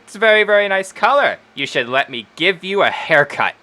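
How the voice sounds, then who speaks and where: A gushing, flirty little halfling bathhouse keeper, put on by a man in a tabletop game. The voice jumps up high and swoops in a sing-song, fawning lilt. It is bright and ringing. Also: big pitch swings, fairly quick, exaggerated voice. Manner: sing-song, fawning, calls people cutie and darling. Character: flirty skinny halfling woman running a bathhouse. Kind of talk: tabletop game role-play.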